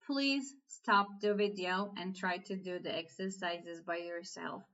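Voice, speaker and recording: Slow, patient Turkish-accented woman teacher. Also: fairly low pitch, fairly even intonation, fairly bright tone, muffled recording. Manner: slow, patient, repeats phrases. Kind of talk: language lesson.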